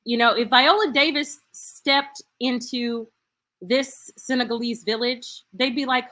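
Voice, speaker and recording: A woman's voice: a little high, steady tone, unhurried, a bit bright. A woman hosting a live stream, talking casually and playfully to her viewers and thinking aloud as she goes.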